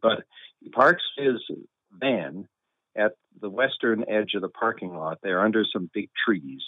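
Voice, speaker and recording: A man telling a long anecdote in a relaxed, wry way with chuckles and deadpan humor. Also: on the low side, unhurried, no room sound. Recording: tinny phone-like line, dry.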